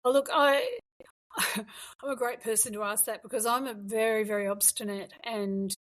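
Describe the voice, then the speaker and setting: A woman's voice: fairly high pitch, steady tone, normal speed, a bit bright, low-quality recording. A middle-aged woman guest telling her story in a frank, emphatic way during an interview. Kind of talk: conversational interview.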